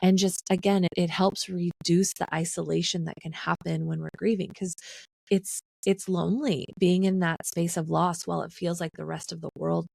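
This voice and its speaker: A woman on a podcast interview who speaks in a calm, measured, supportive way. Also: fairly low pitch, creaky, no echo.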